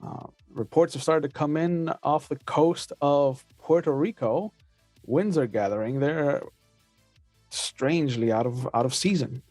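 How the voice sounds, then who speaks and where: Man putting on a scoffing male radio announcer, brisk broadcaster delivery, slightly raised pitch. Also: a little mellow, no echo, soft background music.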